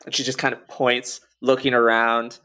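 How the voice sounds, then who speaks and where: A man narrating as game master for a tabletop game, unhurried, with frequent fillers. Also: mid-range voice, little pitch movement, pushed and bright, clean tone.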